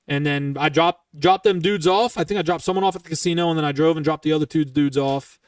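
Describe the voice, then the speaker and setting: Man, twenties, podcast host, casual profane storytelling, slightly high voice, dry sound, a little off-mic. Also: fast talker, few pauses, dry recording. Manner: profane, heated, rambling retelling. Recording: dry, somewhat distant from the mic.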